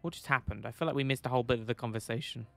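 A man's voice: medium pitch, very fast, vocal fry, soft background music. A man giving playful, casual commentary while playing a game and reading its dialogue aloud. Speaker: gaming YouTuber.

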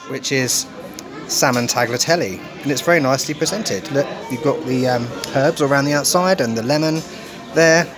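A man vlogging casually on his phone while travelling, upbeat and chatty, with many ums and laughs. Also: medium pitch. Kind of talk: casual travel vlog narration. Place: outdoors and in a restaurant, on the move. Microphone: phone held in hand.

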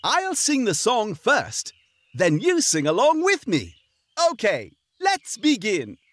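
A cheerful frog song leader. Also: male voice, high-pitched, wildly swooping pitch, takes it slowly, exaggerated voice. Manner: cheerful, encouraging. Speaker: children's sing-along host. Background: children's music.

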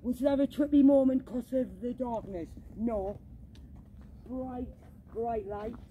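A woman ghost hunting outdoors in a cemetery at night, talking into a handheld camera in an excitable, frightened way and swearing often. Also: fairly high pitch, slow pace, narrow, tinny audio, slight background noise. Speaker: paranormal vlogger. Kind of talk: live ghost-hunting commentary.

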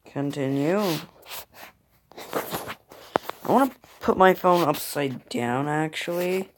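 A man's voice: a little high, takes it slowly, background noise. A tired man muttering gameplay commentary into a phone microphone, grumbling at his opponents. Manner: grumbling at the game, muttering to himself. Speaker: mobile game player.

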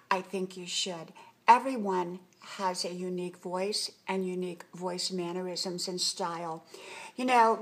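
A middle-aged woman vlogging from home in a casual, encouraging talk to camera. She is chatty and sometimes drops to a whisper. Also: on the low side.

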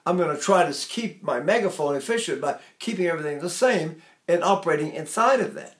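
A man's voice: a little high, animated, fast talker, a bit bright. Older male voice teacher, echoey room. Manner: rambling, demonstrates by singing and mimicking. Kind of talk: vocal lesson talk.

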